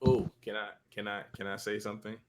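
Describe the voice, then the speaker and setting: A man's voice: lowish voice, fairly even intonation, fast. A man on a panel making his points animatedly in a casual discussion, rising into emphatic outbursts.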